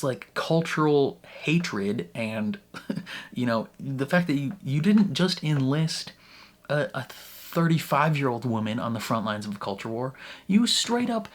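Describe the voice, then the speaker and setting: A man hosting a reaction vlog in casual, animated talk, laughing between phrases and leaning heavily on "like" as a filler. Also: on the high side. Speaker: reaction channel host.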